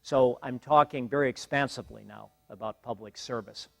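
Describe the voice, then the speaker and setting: An older man giving a university guest lecture in a measured, wry way, pausing often with fillers. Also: mid-range voice, gravelly, a bit bright, no echo. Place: lecture hall.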